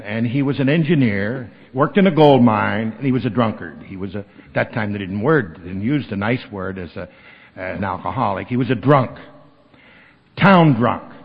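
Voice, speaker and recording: A man's voice: medium pitch, slightly rough. Man telling a story in a reverberant hall. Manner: animated storyteller acting out the people he quotes. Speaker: speaker at a recovery meeting. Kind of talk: storytelling talk. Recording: dull lo-fi recording with long hall reverb.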